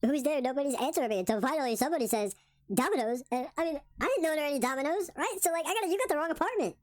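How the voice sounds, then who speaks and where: A man putting on a high, fast, giggly woman's voice to mock someone telling a pointless story. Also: animated. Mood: excited. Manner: rapid and shrill, laughing through her words.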